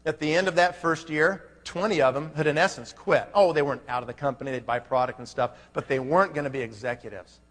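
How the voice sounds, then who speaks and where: A man gives a motivational talk in a large hall, his high, bright voice carried on a long reverb. He speaks in a folksy, punchy way and keeps throwing rhetorical questions at the crowd. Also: fast, hardly any pauses. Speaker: network marketing leader. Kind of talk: motivational speech to a live audience.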